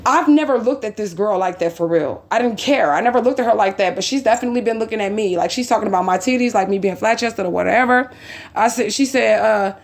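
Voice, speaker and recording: A woman's voice: mid-range voice, quick pace. A woman vlogger angrily telling a personal story, cursing often and retelling a quarrel in quotes.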